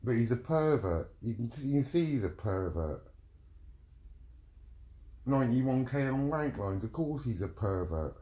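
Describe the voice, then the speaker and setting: A man's voice: mid-range voice, animated, unhurried, long pauses, dark tone. A middle-aged man delivering a heated, profane rant, repeating himself as he vents. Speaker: vlogger. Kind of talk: angry ranting monologue.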